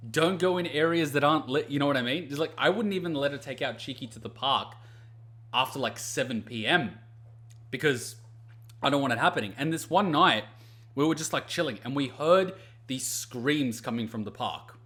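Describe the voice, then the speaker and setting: A man with a medium-pitched voice at normal speed hosts a let's play, giving casual commentary over gameplay. He's an animated storyteller who rants and swears freely.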